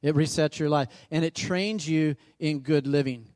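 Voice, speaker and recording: Male pastor, emphatic sermon delivery, slightly high voice, dry close recording. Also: moderate pace, a little mellow, dry recording. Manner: emphatic, repeats phrases for rhythm. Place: church.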